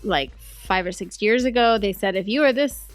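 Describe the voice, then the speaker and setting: A woman in relaxed podcast conversation, her voice mid-range. She teases her co-host dryly and plays along with the bits. Faint music sits behind her. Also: medium pitch, normal speed. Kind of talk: casual chat.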